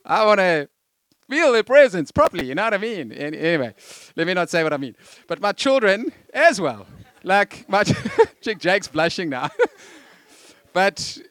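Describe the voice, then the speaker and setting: Middle-aged guy preaching, pretty high voice, chatty with jokes, dry close sound. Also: unhurried, pauses often, no room sound. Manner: conversational, jokey asides, lively emphasis. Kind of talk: sermon.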